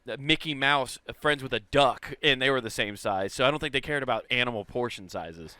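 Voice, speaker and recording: A man's voice: mid-range voice, a little fast, pushed and bright, clean tone, dry recording. A man co-hosting a podcast, chatting casually and crudely, laughing often. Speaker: podcast co-host. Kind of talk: casual comedic chat.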